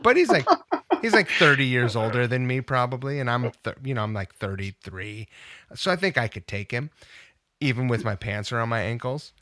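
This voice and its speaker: A man's voice: medium pitch, moderate pace, no echo, clean studio sound. A man telling a long story as a podcast guest, acting out the people he quotes. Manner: animated, acts out quoted voices. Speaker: podcast guest, punk guitarist. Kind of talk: casual storytelling.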